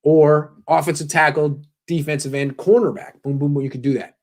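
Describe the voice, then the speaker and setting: Brisk, opinionated male sports host. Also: fairly high pitch, fairly even intonation, a little mellow. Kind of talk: casual live sports talk.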